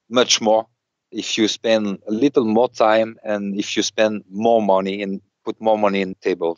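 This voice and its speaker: This is a man with a French accent answering questions in an interview. His English halts and restarts as he searches for words. His voice sits low, recorded dry and slightly muffled over a video call. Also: no echo. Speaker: business seller.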